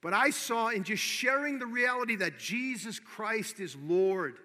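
A man preaching, telling a personal story with animated acted-out dialogue and swinging from hushed to loud exhortation. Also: sits high, unhurried. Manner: animated storyteller, acting out both sides of the dialogue. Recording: long hall reverb.

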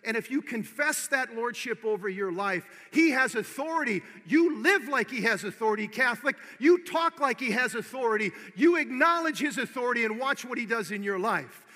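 High, bright-voiced man preaching in a hall. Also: moderate pace, hardly any pauses. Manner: animated storyteller, acting out both sides of the dialogue; swings from hushed and tearful to loud exhortation. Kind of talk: sermon with a personal story. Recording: long hall reverb.

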